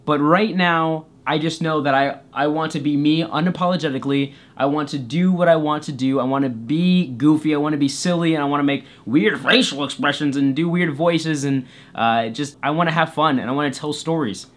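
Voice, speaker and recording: A young man with a somewhat high voice tells a comedic story to camera. He is goofy and self-deprecating. He slips into playful voices for the people in the tale. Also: brisk, hardly any pauses. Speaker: YouTuber storyteller. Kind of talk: comedic story time vlog.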